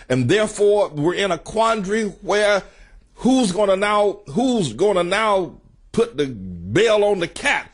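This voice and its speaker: A man preaching a fiery political sermon, often shouting in a preacherly way, his pitch swooping high and low. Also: husky. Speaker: pastor.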